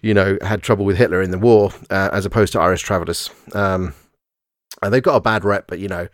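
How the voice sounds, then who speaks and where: A man's voice: deep voice, steady tone, fast talker, dry recording, clean studio sound. A man from England talking casually about a film, explaining at length with fillers and restarts.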